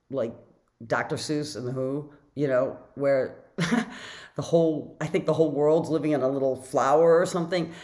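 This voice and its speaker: A woman author telling a personal story in a casual vlog, chatty and animated, full of "like" fillers and acting out her own reactions. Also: extremely low pitch.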